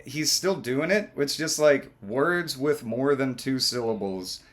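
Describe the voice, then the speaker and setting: A man co-hosting a casual reaction chat, rambling loosely with lots of fillers and quick laughs. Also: medium pitch. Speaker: co-host.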